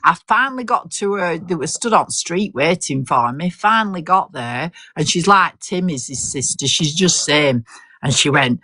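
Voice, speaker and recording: A woman's voice: low-pitched, expressive, moderate pace, bright, forceful tone, dry recording, clean studio sound. An older woman, telling a long story in casual chat, swearing mildly and laughing often. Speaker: host.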